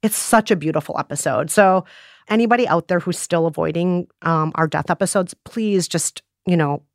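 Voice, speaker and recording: A woman's voice: fairly low pitch, moderate pace, no echo, clean studio sound. A woman co-hosting a podcast, talking earnestly and reflectively in casual chat. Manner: earnest, warm laughter, reflective. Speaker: podcast co-host.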